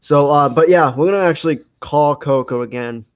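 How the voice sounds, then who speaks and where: A man's voice: fairly high pitch, brisk, low-quality recording. A young man hosting a casual livestream podcast, rambling with lots of fillers and restarts. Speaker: podcast host.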